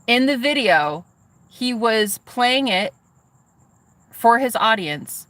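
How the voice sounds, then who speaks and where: A woman telling a story to her viewers in a casual vlog, excitable and swearing freely as she talks straight to them. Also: fairly high pitch, slow, no echo. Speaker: vlogger.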